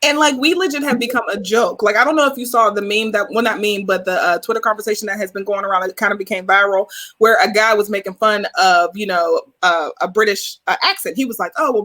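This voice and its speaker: A woman's voice: mid-range voice, fast talker, few pauses, fairly bright tone. A woman co-hosting a casual talk show, emphatic and repeating phrases for effect. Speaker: podcast co-host. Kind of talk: casual political chat.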